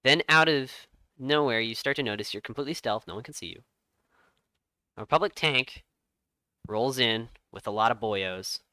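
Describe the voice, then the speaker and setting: A man runs a tabletop game, narrating each scene with measured, dramatic pauses. His voice is bright and crisp. The sound is dry and close to the mic. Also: mid-range voice, no echo. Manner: lively storytelling with dramatic pauses. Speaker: game master.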